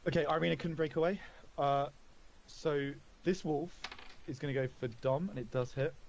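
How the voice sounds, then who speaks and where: A man at an everyday pitch runs a tabletop game as dungeon master. He narrates turns in a relaxed way, with small laughs and um and uh between thoughts. A faint hiss and some clicks sit under his voice. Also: moderate pace.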